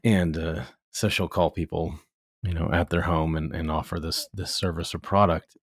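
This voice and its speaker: Deep-voiced, wry podcast host man. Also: fairly even intonation, moderate pace, no echo, clean studio sound. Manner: wry, anecdotal, teasing. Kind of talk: casual chat.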